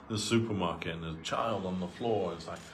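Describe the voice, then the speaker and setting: Guy giving a sermon like a casual chat, lower voice, lots of "you know"s. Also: moderate pace, a little hiss or hum. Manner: conversational, full of asides, acts out quoted voices. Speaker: devotee giving a talk. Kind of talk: sermon told as personal anecdotes. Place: temple hall.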